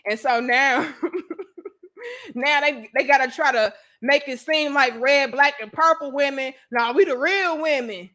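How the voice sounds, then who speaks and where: Woman host, St. Louis accent, high bright voice, animated and profane livestream talker. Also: unhurried. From St. Louis, USA. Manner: animated, profane, laughs often, riffs on viewer comments. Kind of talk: livestream commentary to viewers.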